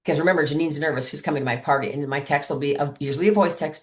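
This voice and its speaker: A woman's voice: low voice, very fast, few pauses. A woman coaching her sales team in an upbeat way, acting out sample calls and texts as she goes. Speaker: sales trainer.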